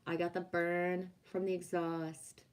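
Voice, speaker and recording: A woman's voice: lowish voice, completely flat delivery, slow, a little hiss or hum. Chatty woman livestream host, French-first speaker. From Quebec, Canada. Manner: chatty and rambling, frequent laughter and restarts. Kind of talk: casual livestream chat, reading out viewer comments.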